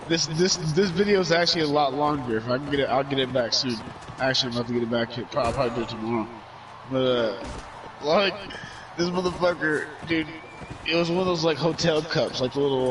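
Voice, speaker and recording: A male streamer tells a story at a rapid clip, rambling and stacking filler words with plenty of cursing. His voice sits a bit back from the microphone, with faint noise behind it. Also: medium pitch. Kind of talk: casual storytelling. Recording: voice somewhat far from mic.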